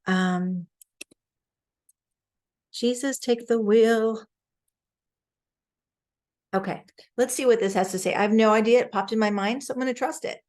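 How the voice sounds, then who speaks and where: An earnest woman talks through a spiritual lesson over a video call, at an ordinary middle pitch. She sounds heartfelt and easily moved, laughing often and stopping to look things up as she goes. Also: fast. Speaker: spiritual astrology teacher.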